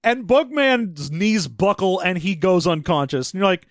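High, lively man joking through a recap. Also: dry recording, studio quality. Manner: jokey, acts out characters in quick quoted bits, swears casually. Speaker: podcast co-host. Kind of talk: casual chat recapping a story.

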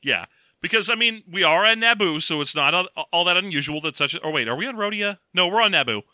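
A man's voice: sits high, animated, fast, bright, forceful tone, no echo. A man co-hosting a podcast, recapping a story in a casual, jokey way. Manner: jokey, playful asides. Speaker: podcast co-host. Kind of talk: casual comedic book recap.

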